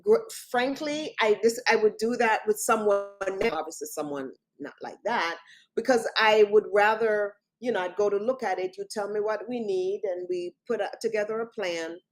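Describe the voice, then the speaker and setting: An author appears as a guest on an interview show, telling a personal story in vivid detail and frequently quoting what other people said. Her medium-pitched voice is animated and moves at a moderate pace.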